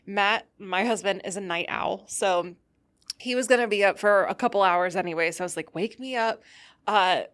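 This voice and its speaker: A woman's voice: mid-range voice, normal speed, fairly bright tone. A tired, loopy woman hosting a casual solo podcast, rambling and laughing often as she tells a story. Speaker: podcast host.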